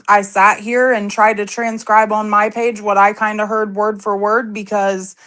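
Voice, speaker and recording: A woman's voice: fairly high pitch, fairly bright tone. A woman guest in a casual interview, talking in a speculative, hesitant way with many fillers.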